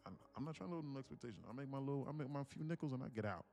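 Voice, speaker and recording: A man's voice: mid-range voice, animated, very fast, creaky, darkish tone, faint music behind. A man live-streaming his day trading, chatting casually and joking while reading viewers' comments. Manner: joking, reads chat aloud, puts on slang voices.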